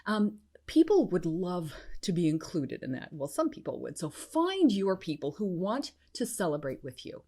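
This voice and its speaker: A middle-aged woman hosting a business-coaching podcast solo, bubbly and encouraging, breaking into high cheers. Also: big pitch swings, moderate pace, hardly any pauses, warm tone. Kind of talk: enthusiastic solo podcast talk.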